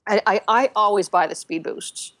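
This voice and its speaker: Woman, podcast co-host, casual chat, fillers and restarts, average pitch. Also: normal speed, no echo. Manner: chatty storytelling with many fillers and restarts, animated when quoting others. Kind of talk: casual chat about a video game.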